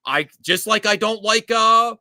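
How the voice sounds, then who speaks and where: Give me a male podcast host with a bright, tense, fairly high voice, ranting about movies. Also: dry recording, clean studio sound. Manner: animated, ranting, quick asides. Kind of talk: casual opinionated movie chat.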